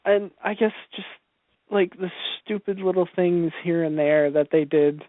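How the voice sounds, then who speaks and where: High-voiced man on a tinny podcast line. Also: a little slow, no room sound. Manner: hesitant, laughs often. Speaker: podcast co-host. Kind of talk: casual chat. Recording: dry, phone-like lo-fi audio.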